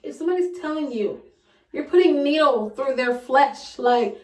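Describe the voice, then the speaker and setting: A woman's voice: high-pitched, moderate pace. Young woman, dramatic casual storytelling, set back from the mic. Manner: animated, dramatic retelling with loud acted quotes. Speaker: vlogger. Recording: echoey room, voice a bit far from mic.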